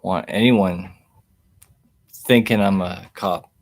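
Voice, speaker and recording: A man's voice: deep voice, steady tone, slow pace. A man chatting casually on a livestream, rambling and easygoing as he reads the chat, recorded through a webcam mic indoors. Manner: rambling and easygoing, chuckles often.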